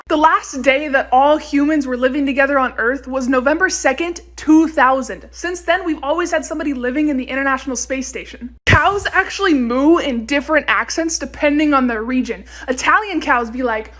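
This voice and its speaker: A young woman sharing quick fun facts in a casual, chatty monologue, swearing freely. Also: sits high, fairly bright tone. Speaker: TikTok creator.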